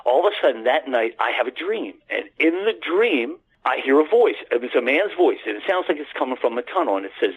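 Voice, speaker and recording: An American man calls in to a radio show and rambles through a long story with many restarts. His husky, mid-pitched voice comes through a narrow, tinny phone line. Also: sing-song, brisk, few pauses. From United States. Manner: rambling, earnest, repeats words and restarts, addresses the host by name. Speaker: guest.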